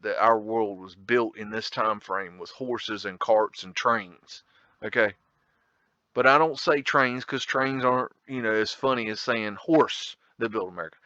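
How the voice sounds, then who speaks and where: A man's voice: medium pitch, bright, forceful tone, no room sound, lo-fi sound. A man hosting a casual photo tour, rambling, blunt and profane, with a folksy drawl. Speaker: video host.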